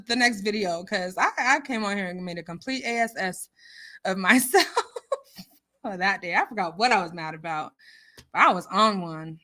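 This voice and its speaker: A woman's voice: a little high, a bit bright. A woman hosting a casual livestream chat, laughing often and reading out viewer comments with lots of emotion. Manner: reads out viewer comments and names. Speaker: livestream host.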